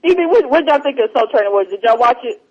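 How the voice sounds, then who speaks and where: A man hosting a podcast, telling stories in a casual, animated way with lots of laughter and swearing. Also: very high voice, fast, breathy edge. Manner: animated, laughing often, profane. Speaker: podcast host. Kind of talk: casual chat, storytelling. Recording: dull lo-fi podcast audio.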